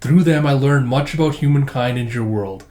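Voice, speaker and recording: A man's voice: medium pitch, moderate pace, dark tone, natural voice. Stiff literal robot sidekick, male, formal and polite, a man reading it out, echoey room. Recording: roomy echo.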